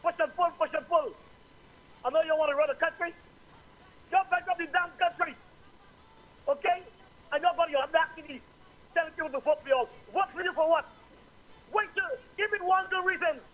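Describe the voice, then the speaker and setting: A man with a Saint Lucian accent calls in to a talk show, ranting angrily, insultingly and repetitively about politics. His voice is very high, a bit bright and a little fast with long pauses, and the recording is low quality.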